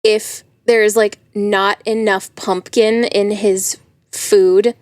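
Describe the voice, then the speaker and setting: A woman's voice: medium pitch, flat delivery, extremely slow, a little mellow, dry recording. A woman co-hosting a casual podcast, chatty and easygoing, swearing now and then. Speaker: podcast co-host.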